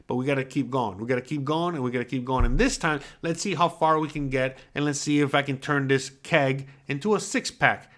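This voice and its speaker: A man's voice: a little high, a bit bright. A middle-aged man from the US East Coast hosting a casual solo chat, rambling and swearing freely with lots of "you know" fillers. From East Coast of the USA. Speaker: podcast host.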